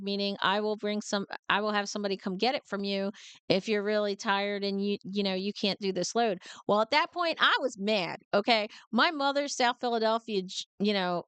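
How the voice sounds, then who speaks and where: A woman with a New Jersey accent talks through a reaction video as a working truck driver. Her voice comes across very clear and smooth, recorded dry and close with no room sound. She tells her stories in an animated, fired-up way, breaking into laughs. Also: mid-range voice, moderate pace, no room sound. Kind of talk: casual reaction commentary.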